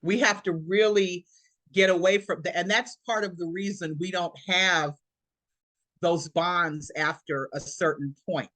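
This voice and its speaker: A woman's voice: lowish voice, steady tone, measured pace, fairly bright tone, dry recording. A woman around sixty giving a motivational talk over a video call as presenter, emphatic and preacherly, repeating her points.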